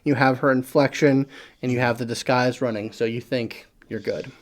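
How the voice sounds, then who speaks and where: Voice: medium pitch, fairly even intonation, normal speed, crowd noise. A game master running a tabletop game, giving playful, teasing rulings.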